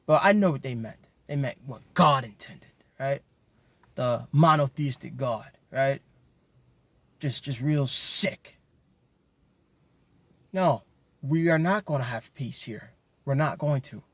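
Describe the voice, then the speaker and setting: A man's voice: mid-range voice, slow, long pauses, a bit bright, dry recording. A man delivering an impassioned monologue to his viewers, emphatic and ranting, often repeating words as he gets worked up. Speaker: video commentator.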